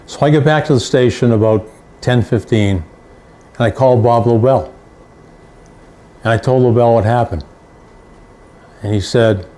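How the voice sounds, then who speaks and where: Mellow older man telling sports stories. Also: mid-range voice, normal speed, long pauses. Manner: anecdotal, repeats phrases for emphasis. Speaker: sports reporter. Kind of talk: storytelling.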